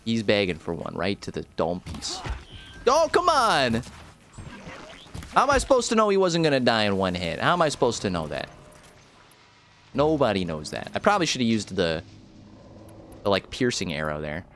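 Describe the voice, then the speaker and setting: A man's voice: on the low side, sing-song, a little fast, fairly bright tone, a little hiss or hum. A young man livestreaming a video game, giving casual, jokey commentary with big exclamations.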